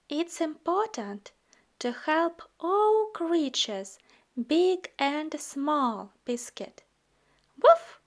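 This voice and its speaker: A woman reading a children's picture book aloud into a phone, slow and gentle, with some words hushed. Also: high voice. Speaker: storybook reader.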